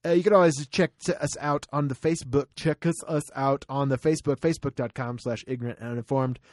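A man's voice: medium pitch, steady tone, fast talker, darkish tone, no room sound, clean studio sound. A man co-hosting a casual podcast, joking and laughing often as he runs through the show's sign-off plugs. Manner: jokey, laughs often, rattles off outro plugs. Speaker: podcast co-host.

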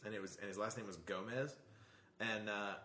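A man's voice: lowish voice, fairly even intonation, a little fast, pushed and bright. Rambling joking man, echoey room. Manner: rambling, joking delivery with many fillers. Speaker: podcast co-host. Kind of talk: casual chat. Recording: roomy echo.

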